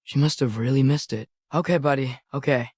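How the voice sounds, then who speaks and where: A young actor playing an earnest, curious teenage boy in a video game, quietly talking to himself. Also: mid-range voice, fairly even intonation, brisk, slightly rough, no echo, studio quality, lightly acted. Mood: musing. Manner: quiet, musing self-talk. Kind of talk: game voice lines.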